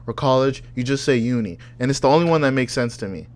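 Co-hosting a casual podcast chat, a man talks fast in a medium-pitched voice. He's loose and profane, joking around and reacting with disbelief.

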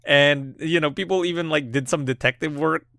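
Bright-voiced guy rambling on a movie podcast, lots of likes and you knows, dry close sound. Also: a little high, moderate pace, vocal fry, no room sound. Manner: rambling, many fillers and restarts, laughs often. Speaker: podcast co-host. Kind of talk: casual film podcast chat.

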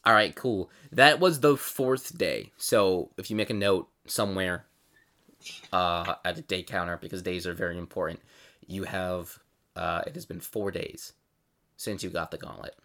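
A man's voice: low-pitched, normal speed, bright, forceful tone. A man running a tabletop game as game master, narrating casually with plenty of fillers.

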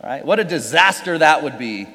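A man's voice: on the high side, expressive, normal speed, pushed and bright. A man preaching a conversational sermon, speaking casually and tossing out rhetorical questions to the congregation during a church service held on a farm. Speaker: pastor. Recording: long reverb of a large space.

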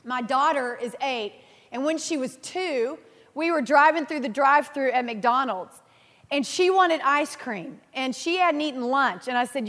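A woman in her thirties preaching a sermon, earnest and animated, telling personal stories and laughing at herself. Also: sits high, a little slow. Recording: reverberant hall.

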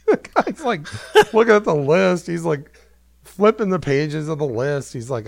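A man's voice: on the high side, very animated, measured pace, vocal fry. A man hosting a podcast, telling a story in a rambling, self-amused way with many fillers. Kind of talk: casual storytelling.

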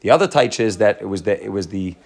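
A man's voice: lowish voice, expressive, quick pace, darkish tone. A man teaching a Torah class, explaining at length with frequent restarts and Hebrew terms mixed into his English.

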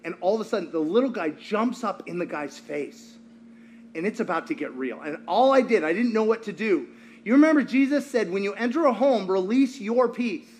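A man preaching a sermon to a congregation, telling stories with animated, acted-out quotes. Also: high-pitched, brisk, a little hiss or hum. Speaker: pastor.

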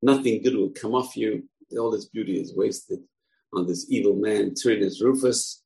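Old rabbi, solemn, low gravelly voice, from a man. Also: moderate pace, warm tone, rough recording.

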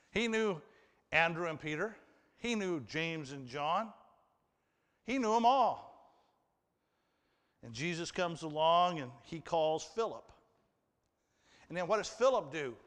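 A man's voice: on the high side, a bit bright. A man preaching a sermon in a conversational way, asking the congregation questions and acting out the people in the story. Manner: conversational, asks the congregation questions, acts out quotes. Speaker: pastor. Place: church hall with an audience. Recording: long hall reverb.

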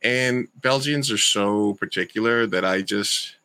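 A man's voice: on the low side, measured pace, sharp tone, no room sound. A man hosting a podcast in casual chat, rambling and often restarting his sentences. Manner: rambling, self-correcting. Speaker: podcast host.

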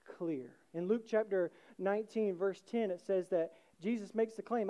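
A male pastor delivers a sermon, building to passionate, emphatic peaks. His tone is mellow and dark rather than bright. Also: sits high, normal speed, hardly any pauses, lo-fi sound. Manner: passionate, rising emphatic preaching.

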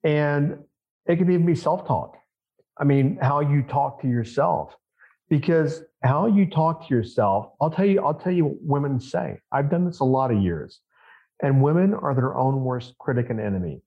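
A man's voice: on the high side, expressive, moderate pace. A man speaking as a podcast guest and mindset coach, emphatic and repetitive, asking rhetorical questions. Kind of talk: conversational podcast interview. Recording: dull lo-fi sound.

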